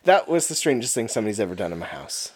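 A man's voice: on the low side, rapid-fire, husky. A man telling a funny story in casual chat, laughing often. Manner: laughs often, animated retelling.

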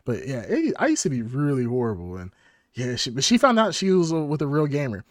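A man's voice: mid-range voice, a little fast, dry recording, clean studio sound. Loose, swearing man telling stories. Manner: animated, laughing, swearing freely. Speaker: podcast host. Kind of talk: casual storytelling chat.

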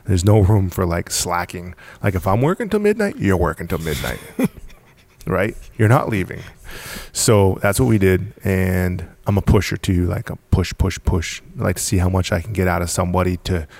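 A man's voice: low voice, flat delivery, normal speed, vocal fry, darkish tone, no room sound. A man from the United States, a podcast guest, telling his story bluntly and casually, swearing now and then and laughing between points. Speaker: podcast guest, apparel company founder.

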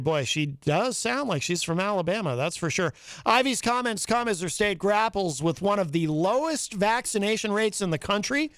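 A man's voice: high-pitched, smooth, no echo, clean studio sound. A man hosting a call-in talk show, reading news items aloud and commenting in a conversational way. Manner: conversational, thinking aloud with fillers and asides.

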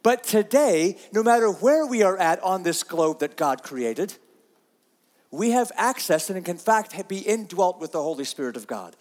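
A man's voice: high voice, big pitch swings, normal speed, a little mellow, in a large hall. A man preaching a sermon, earnest and repeating himself, reading scripture aloud. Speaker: pastor.

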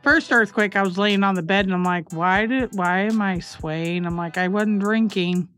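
A woman co-hosting a podcast, telling stories in a casual, animated way, swearing and acting out voices. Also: mid-range voice, normal speed, soft background music. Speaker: podcast co-host. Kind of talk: casual chat.

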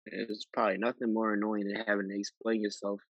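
A man's voice: fairly low pitch, flat delivery, quick pace, no room sound, rough recording. A man hosting a casual podcast chat, laid-back, swearing casually and asking direct questions. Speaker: podcast host.

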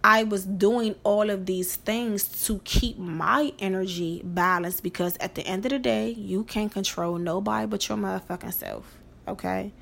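A woman's voice: mid-range voice, moderate pace, gravelly, fairly bright tone. A woman hosting a podcast in a casual monologue, profane and emphatic, repeating phrases for effect. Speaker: podcast host.

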